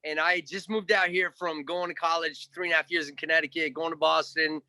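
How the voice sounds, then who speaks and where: A guest actor in a casual interview tells a long, rambling story, cursing now and then and acting out what others said. His voice is a little high and fairly quick, with no room sound, and his manner is animated.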